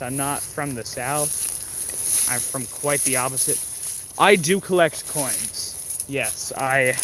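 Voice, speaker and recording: A man's voice: mid-range voice, a bit bright. Rambling man livestreaming in the woods. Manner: rambling, halting, many fillers and restarts. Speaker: livestream host. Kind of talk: casual livestream chat while walking. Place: outdoors in woods by a creek. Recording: faint outdoor background noise.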